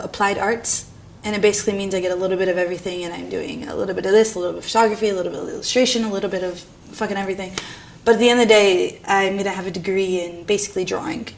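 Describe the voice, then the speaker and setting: Young new girl, art student, jokey and sweary, laughs a lot, bit of low rumble in the background. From New York. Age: young adult. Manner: irreverent, self-mocking, laughs often, swears casually. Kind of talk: candid documentary interview.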